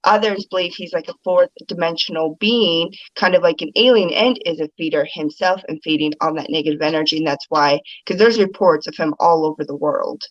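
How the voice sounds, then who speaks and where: A woman's voice: low voice, a little fast, hardly any pauses, no room sound, highs cut off. A woman guest chatting casually on a video call, telling stories loosely and laughing often. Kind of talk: casual live-stream chat.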